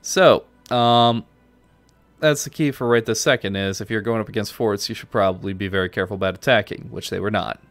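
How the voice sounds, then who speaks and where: A man from New York talks through a strategy game on a live stream, answering viewers between moves. His voice sits on the low side and comes across close and dry, with no room sound. He keeps it casual and conversational. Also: a little fast, a bit bright, no room sound, soft background music.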